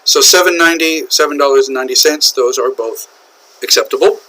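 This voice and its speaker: A man with an American accent teaching English usage, explaining slowly and repeating key phrases, often checking in with "okay?". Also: mid-range voice, bright, forceful tone, poor audio. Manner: slow, repetitive explaining with frequent "okay?" checks. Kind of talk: classroom lecture on English usage.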